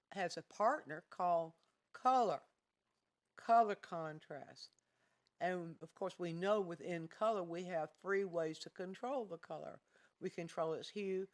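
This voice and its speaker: A painting instructor giving a livestreamed art lesson, explaining calmly and deliberately, pointing out areas of a painting and repeating key phrases. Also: mid-range voice.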